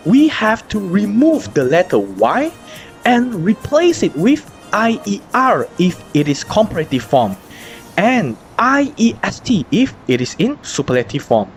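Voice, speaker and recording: A woman teacher, explaining grammar in an online lesson, spelling out letters slowly and asking rhetorical questions. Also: lowish voice, a little mellow. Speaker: English teacher.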